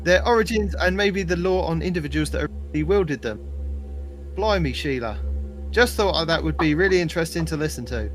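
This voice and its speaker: A man's voice: a little high, animated, brisk, faint music behind, pitched above the performer's own voice, natural voice. A man reading out a listener's email in an exaggerated, hammy mock Australian accent, tossing in slang. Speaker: podcast co-host.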